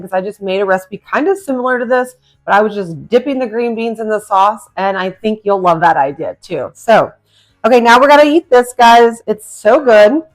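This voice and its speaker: Cooking host, female, upbeat and chatty, speaks to her viewers at home, faint music underneath. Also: medium pitch. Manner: chatty, enthusiastic, addresses viewers as guys. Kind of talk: casual cooking demonstration. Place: home kitchen.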